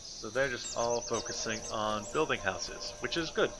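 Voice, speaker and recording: A man's voice: mid-range voice, normal speed, noisy background. A man giving casual, thinking-aloud commentary while playing a city-building game. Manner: muttering to himself, thinking aloud. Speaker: gameplay commentator.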